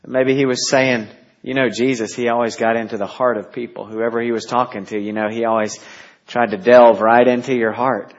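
A man preaching a sermon, praying quietly and reading scripture aloud with growing intensity. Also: mid-range voice, flat delivery, moderate pace. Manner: prays softly, then reads scripture with rising intensity. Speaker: pastor. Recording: dull lo-fi sound.

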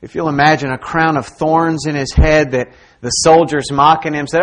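A male pastor preaching a sermon in a church service, dramatic and swinging between loud emphasis and near whispers. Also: fairly high pitch, steady tone, moderate pace.

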